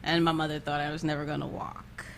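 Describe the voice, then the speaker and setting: A woman's voice: low voice, level tone, fast, gravelly, slight background noise. A young woman guest in casual podcast chat, confident and playful, laughing often.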